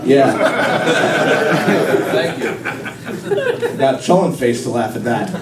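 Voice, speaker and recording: A man's voice: medium pitch, animated, drawn-out words. A young man performing a rambling stand-up comedy set, with self-deprecating punchlines, at a live event with an audience. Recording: echoey hall recorded from far off with crowd noise.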